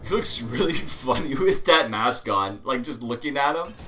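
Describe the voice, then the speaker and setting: A man hosting a let's play, chatting casually over gameplay with sudden excited outbursts and swearing. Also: medium pitch, normal speed, faint music behind.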